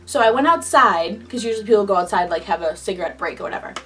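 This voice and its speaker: A woman's voice: medium pitch, fast talker, far from the mic, a little hiss or hum. A young woman casually telling a personal story in a chatty style, full of "like". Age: young adult. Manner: chatty, frequent "like", animated retelling. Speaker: vlogger.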